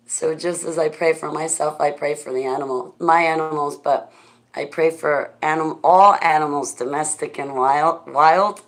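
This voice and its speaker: A woman with a low, deep-set voice talks loosely to her live audience. She rambles from one thought to the next and breaks into laughter often. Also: fairly even intonation, normal speed. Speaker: livestreamer answering chat. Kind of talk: casual chat.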